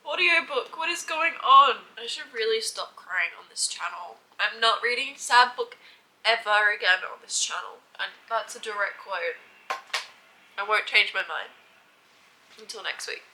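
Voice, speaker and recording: Bright-voiced young woman rambling casually. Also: medium pitch, moderate pace, slight background noise, rough recording. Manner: rambling, emotional, many "like" fillers. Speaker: book vlogger. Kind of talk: casual reading vlog chat. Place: at home.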